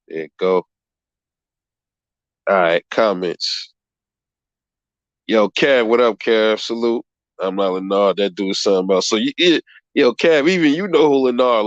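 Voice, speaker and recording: Dude on a boxing livestream reading chat, cussing and rambling, calls everyone bro, dry close sound. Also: male voice, fairly low pitch, expressive, no room sound, muffled recording. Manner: profane, rambling, quick to laugh; calls viewers bro and man. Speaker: boxing channel host.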